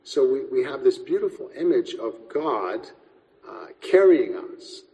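A man preaching a sermon as pastor, measured and reflective, often restarting words as he speaks. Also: mid-range voice, big pitch swings, warm tone, long reverb tail, rough recording.

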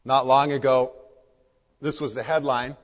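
A man's voice: mid-range voice, flat delivery, a little slow. A man preaching as a pastor in church, earnest and repeating key phrases for emphasis. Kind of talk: sermon. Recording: long hall reverb.

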